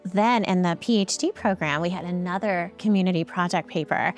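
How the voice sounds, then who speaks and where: A woman telling a heartfelt story in an interview, earnest and halting, with frequent ums and restarts. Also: fairly low pitch, faint music behind. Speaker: nonprofit founder and guest.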